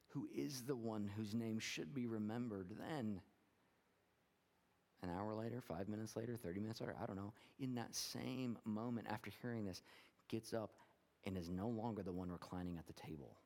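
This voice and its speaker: A man's voice: lowish voice, normal speed, pauses often, a little mellow, long reverb tail. A man preaching a sermon as pastor, talking earnestly and rising to fervent emphasis.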